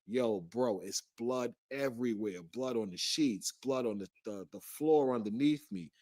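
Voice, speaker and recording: A man's voice: mid-range voice, unhurried, a little mellow, dry recording. A man in a played clip recounting a personal story in earnest detail. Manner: earnest, detailed recounting, acts out quoted lines.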